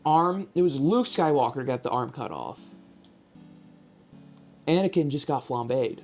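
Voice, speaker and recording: A man's voice: medium pitch, sing-song, unhurried, darkish tone, faint music behind. A man hosting a live stream, chatting casually with chat and a co-player, joking and swearing freely. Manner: joking, profane, riffs with chat. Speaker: streamer host playing a word game.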